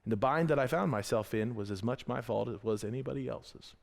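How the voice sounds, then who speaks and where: A man preaching a sermon in a church, telling a personal story with lively quoted dialogue in a conversational way. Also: medium pitch, quick pace, vocal fry. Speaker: pastor. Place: church sanctuary.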